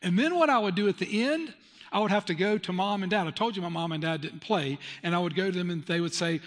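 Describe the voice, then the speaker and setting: A male pastor preaching with a slightly high voice that carries into a long reverb. He confesses, tells stories and drives home each point with emphasis. The sound trails off around him like a sanctuary hall. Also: fast, a bit bright. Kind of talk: sermon.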